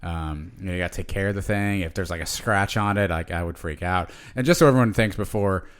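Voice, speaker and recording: Low-voiced rambling podcast husband. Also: male voice, fast talker, smooth. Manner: rambling, with many fillers and restarts. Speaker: podcast co-host. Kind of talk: casual chat.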